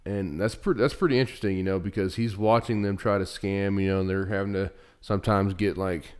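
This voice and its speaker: A young man with a very deep voice co-hosts a casual podcast chat. He rambles through his stories, full of fillers, restarts and "you know"s. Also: fairly even intonation, a little fast, clear, resonant tone. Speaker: podcast co-host.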